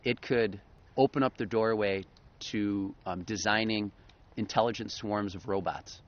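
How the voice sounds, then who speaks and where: A man's voice: fairly low pitch, fairly even intonation, unhurried. Man explaining science in casual podcast chat. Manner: explanatory, enthusiastic, laughs easily. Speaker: podcast co-host explaining research. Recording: slightly dull lo-fi podcast audio.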